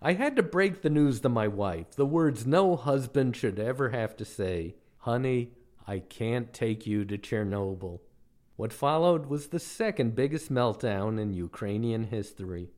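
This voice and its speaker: Middle-aged American male host with a dry, self-mocking comic storytelling delivery and an animated pitch. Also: normal speed, hardly any pauses. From United States. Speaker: podcast host.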